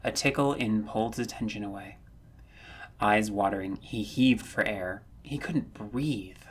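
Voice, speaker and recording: Husky guy reading a fanfic aloud, earnest measured narration, kinda breathy. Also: lowish voice. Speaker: audiobook narrator. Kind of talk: scripted story narration.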